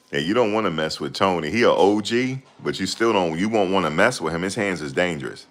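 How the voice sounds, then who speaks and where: A man's voice: low-pitched, expressive, fairly quick, few pauses. A man hosting a casual stream, reading and answering chat comments in a rambling, slangy way. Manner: rambling, slangy, laughs a lot.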